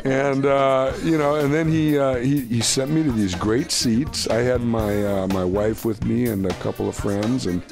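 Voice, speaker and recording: A man's voice: mid-range voice, steady tone, normal speed, gravelly, few pauses, over music. Chatty man telling a backstage anecdote. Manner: chatty storyteller acting out the quotes, many fillers. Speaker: bandleader, interview guest. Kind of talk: casual anecdote.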